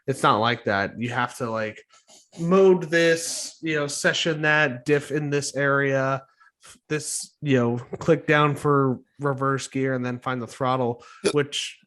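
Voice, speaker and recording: A man's voice: mid-range voice, fairly even intonation, slow pace, a bit bright. A man co-hosting a casual podcast, rambling with lots of fillers and restarts. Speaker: podcast co-host. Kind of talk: casual chat.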